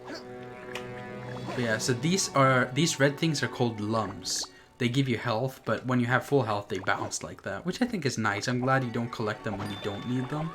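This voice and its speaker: A man's voice: mid-range voice, normal speed, music in the background. A man giving casual, joking commentary while streaming a video game. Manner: chatty, laughs at own jokes, nostalgic.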